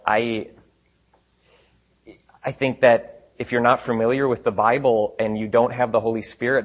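Husky-voiced man preaching with sarcasm. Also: lowish voice. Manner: animated, sarcastic paraphrasing of scripture. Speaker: pastor. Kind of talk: sermon. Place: room with congregation.

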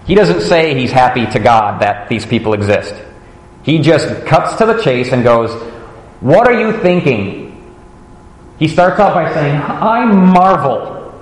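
A man giving a sermon as a pastor, conversational and animated, telling stories with playful asides. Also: mid-range voice, normal speed. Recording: roomy hall echo, faint noise.

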